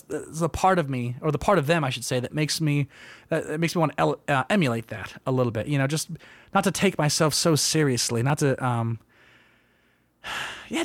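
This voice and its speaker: A man's voice: a little high, no room sound. A young man telling a story in casual chat, rambling and self-deprecating, acting out quotes in a raised voice.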